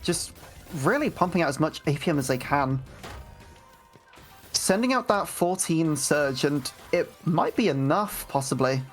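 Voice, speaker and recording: A woman co-commentating a live game tournament, giving relaxed analysis with frequent ums and restarts. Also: low voice, measured pace, faint music behind. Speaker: esports co-commentator.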